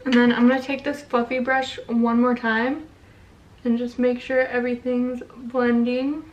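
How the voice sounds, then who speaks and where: A sassy, foul-mouthed young woman chatting through a makeup tutorial. Her voice sits a little higher than most. She is recorded from a bit away from the mic. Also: flat delivery, a little slow, recorded from a distance, muffled recording. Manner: blunt, profane, sassy. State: pregnant. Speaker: beauty vlogger. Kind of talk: casual makeup tutorial and rant.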